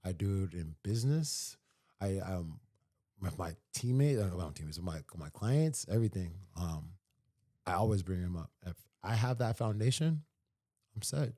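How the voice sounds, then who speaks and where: A man's voice: low voice, lively intonation, moderate pace, warm tone. A man as a podcast guest, talking sincerely and repeating phrases for emphasis. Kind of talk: casual podcast conversation.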